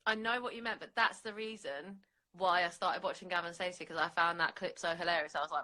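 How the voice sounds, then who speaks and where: A woman's voice: fairly low pitch, fairly even intonation, quick pace, bright, forceful tone. A young woman chatting and giggling on a phone live stream. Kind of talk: casual late-night chat. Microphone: phone on a live stream video call.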